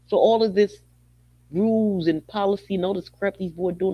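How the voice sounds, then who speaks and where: A woman talks straight to her listeners in a loose, mocking podcast monologue, often breaking into laughter and repeating her lines. Her voice sits at a middling pitch. The recording is dull and lo-fi, with a dry, close sound and no room echo. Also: steady tone, moderate pace. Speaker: podcast host. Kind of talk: casual monologue.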